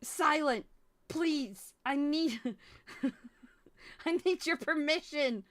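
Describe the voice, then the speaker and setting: A woman's voice: sits high, drawn-out words, no echo. A woman streamer chatting playfully and giggling often as she rambles. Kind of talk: casual live-stream chat.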